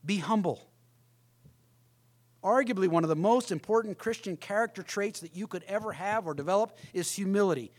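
A man's voice: sits high, normal speed, darkish tone. A middle-aged man preaching a sermon as pastor, emphatic, often acting out the voices of others.

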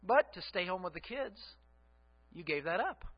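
A middle-aged male pastor delivers a sermon in a high, husky voice at a moderate pace. He's very animated yet conversational, prompting the congregation to supply the answers. The recording quality is dull and lo-fi.

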